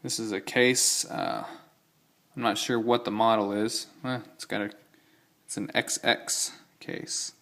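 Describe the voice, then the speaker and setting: In a laid-back show-and-tell video, a young knife collector with a mid-range, fairly bright voice displays vintage-style knives and keys. He wanders off topic, fixes his own statements and drops in enthusiastic remarks.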